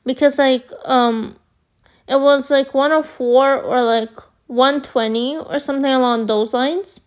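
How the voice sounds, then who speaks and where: A woman vlogger telling a story to her viewers, rambling with lots of fillers, her voice a bit hoarse from screaming. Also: sits high, fairly even intonation, measured pace. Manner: rambling, filler-heavy, addresses viewers as guys. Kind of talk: storytime chat.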